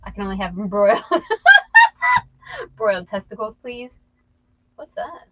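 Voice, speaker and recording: A woman's voice: on the high side, wildly swooping pitch, takes it slowly, sharp tone, muffled recording, a little hiss or hum. A woman co-hosting a reseller channel, chatting and joking casually while working.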